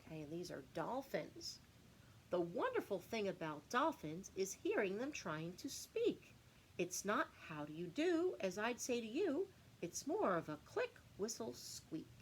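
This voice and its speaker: A woman teacher reads a rhyming picture book aloud to young children. Her voice is animated and singsong, with a very lively, swooping pitch. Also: unhurried, a little hiss or hum, rough recording.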